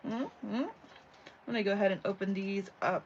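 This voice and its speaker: A woman with a mid-range voice and fairly even intonation speaks at a moderate pace, hosting a casual live craft tutorial from her home. The craft channel host chats and rambles, dropping plenty of "you know" and "like." The audio is slightly dull, with a faint hum in the background.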